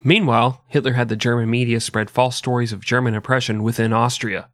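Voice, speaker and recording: Male comedy podcast host, crude and jokey, mid-pitched, dry close sound. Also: steady tone, brisk, a bit bright, dry recording. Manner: crude, joking, laughs often. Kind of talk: comedic history podcast narration.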